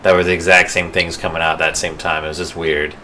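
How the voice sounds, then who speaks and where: Casual low-voiced man riffing on movies. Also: level tone, a little fast, bright, forceful tone, a little hiss or hum. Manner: playful, swears, acts out movie lines. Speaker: podcast co-host.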